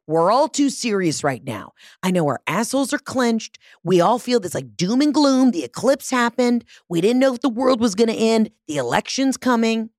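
A woman's voice: fairly high pitch, sing-song, normal speed, few pauses, darkish tone, dry recording. A woman, hosting her own podcast in a brash, profane, rambling comedic monologue, speaking into a studio mic. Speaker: podcast host. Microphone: studio mic with large headphones.

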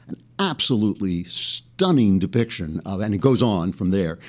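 Male podcast host, low voice, animated storytelling, chatty asides, laughs mid-sentence. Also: normal speed. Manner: recites poetry with rhythmic, dramatic emphasis. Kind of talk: podcast monologue.

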